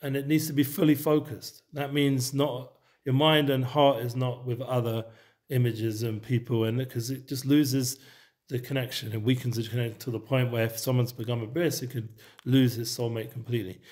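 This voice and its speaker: A man leading a relaxed Torah study session, explaining Hebrew texts in a loose, conversational way. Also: mid-range voice, normal speed. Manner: mixes Hebrew terms into English, loose and conversational. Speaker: Torah teacher.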